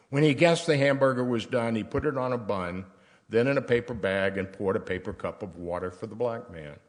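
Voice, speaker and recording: An older man from Tennessee, reading a personal letter aloud at a church service in a measured, storytelling way. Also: mid-range voice. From Tennessee, US South.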